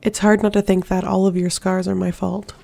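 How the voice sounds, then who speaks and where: Reader playing a snappish young warrior man, worried, gravelly, flat. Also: mid-range voice, a little fast. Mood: exasperated. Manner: snapping, exasperated.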